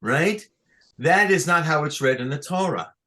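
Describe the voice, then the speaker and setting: A man teaching Torah chanting on a video call, halting with fillers and restarts, chuckling at his own jokes. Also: on the high side, lively intonation, sharp tone. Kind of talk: online lesson with sung examples.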